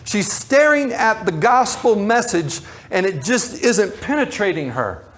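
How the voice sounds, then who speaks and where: A man's voice: high voice, big pitch swings, a little slow, a bit bright. A man who is a pastor, preaching a sermon in a loose, conversational way with tangents and repeated words.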